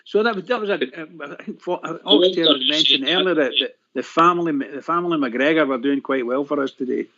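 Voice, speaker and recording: A man's voice: fairly high pitch, brisk, few pauses, sharp tone. A man co-hosting a radio phone-in, chatting with enthusiastic banter. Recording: dull lo-fi sound.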